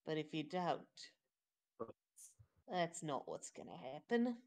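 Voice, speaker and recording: A woman voicing a male brute who quietly threatens a captured goblin in a tabletop game. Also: animated, full character voice. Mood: menacing. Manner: low, slow, quietly threatening.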